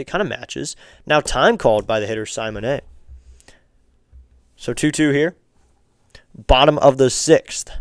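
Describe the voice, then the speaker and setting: A man's voice: mid-range voice, clear, resonant tone, dry recording, studio quality. A man doing casual play-by-play of a baseball game for a live stream, chatting with viewers and asking them for likes and subs.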